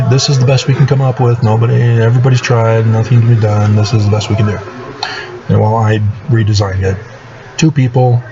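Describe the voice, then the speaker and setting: A man telling his own story in a casual monologue, aggrieved and sardonic, halting with many fillers. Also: fairly low pitch. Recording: muffled lo-fi recording with steady background noise.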